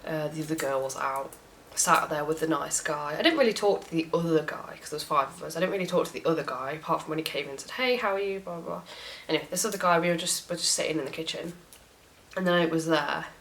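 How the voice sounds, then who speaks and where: A young woman telling a story in a casual rant, frank and animated, swearing often. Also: low-pitched, fast talker, a little hiss or hum, rough recording. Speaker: vlogger.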